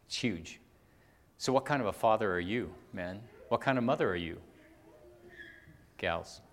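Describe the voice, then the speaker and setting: A man delivering a sermon, rising to loud emphatic peaks and dropping to soft low asides while reading scripture. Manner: reads scripture aloud, often slowing for weight. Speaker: preacher. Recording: long hall reverb.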